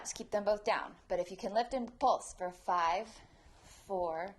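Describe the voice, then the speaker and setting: A woman's voice: mid-range voice, moderate pace. A woman teaching a prenatal yoga class, cueing breaths, counting down pulses and encouraging her students. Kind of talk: guided yoga class instruction.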